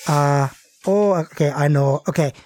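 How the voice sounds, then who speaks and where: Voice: mid-range voice, a little mellow, no echo. Game master telling a spooky scene, lots of ums and restarts, dry close sound. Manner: halting, many fillers and restarts. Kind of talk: narrating a tabletop role-play.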